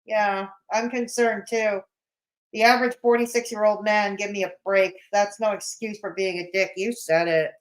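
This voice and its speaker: A woman's voice: mid-range voice, fairly even intonation, moderate pace, poor audio. A woman hosting a reaction commentary, talking in a sarcastic, scolding way.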